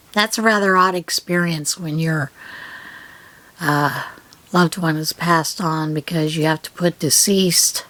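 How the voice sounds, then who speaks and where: A middle-aged woman hosting her own yarn channel, chatting through her mail in an unhurried, rambling way with many pauses and fillers. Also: on the low side, fairly bright tone, dry recording. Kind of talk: casual unboxing chat.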